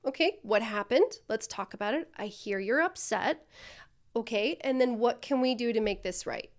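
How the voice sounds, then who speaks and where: A woman's voice: fairly high pitch, lively intonation, normal speed. A woman coaching a student through customer service role-play, speaking directly and encouragingly.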